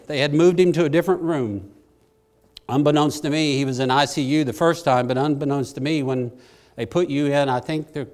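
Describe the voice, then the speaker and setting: Folksy preacher man telling a story. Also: fairly high pitch. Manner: folksy, self-deprecating, rises to excited bursts. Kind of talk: sermon storytelling.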